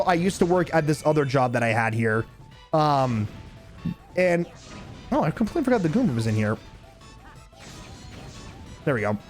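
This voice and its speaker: A man streaming a game, telling stories with heavy swearing and frequent laughter. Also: a little high. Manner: profane, laughing, animated venting. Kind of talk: casual gameplay commentary with storytelling.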